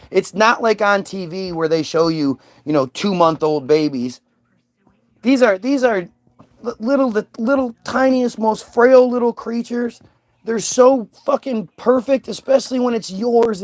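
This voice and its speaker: A man's voice: sits high, dry recording. A man talking in a heated, profane, unscripted monologue, stumbling and restarting his sentences as he goes. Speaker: vlogger.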